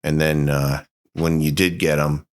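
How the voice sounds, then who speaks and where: A man talking as a guest in a casual chat, halting, with many fillers and restarts. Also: rumbling low, level tone.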